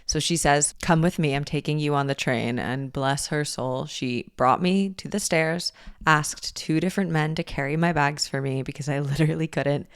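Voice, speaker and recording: A young woman hosting a podcast, telling a personal story in a candid, animated way and swearing freely. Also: sits low, normal speed, clear, resonant tone, dry recording, clean studio sound. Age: young adult. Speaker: podcast host. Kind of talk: casual storytelling monologue.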